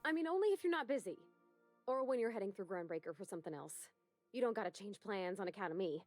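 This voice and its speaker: A woman's voice: medium pitch, animated, fast talker, darkish tone, no room sound, faint music behind, close to an everyday voice. An actress playing a shy young female starship engineer, speaking hesitantly and self-consciously in a video game. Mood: bashful.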